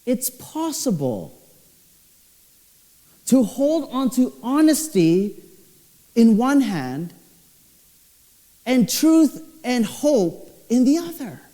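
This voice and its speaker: A young man, a pastor, preaching a sermon with expressive storytelling, his voice swinging low and high. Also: drawn-out words, long pauses. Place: church hall. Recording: church hall with long reverb.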